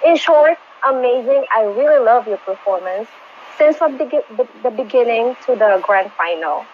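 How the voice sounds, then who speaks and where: A woman's voice: on the high side, lively intonation, normal speed, slight background noise. A woman judging a singing contest over a video call, gushing and rambling with many fillers. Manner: effusive, rambling, with frequent fillers. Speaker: judge of an online singing contest. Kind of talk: casual judging feedback. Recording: slightly muffled online call audio.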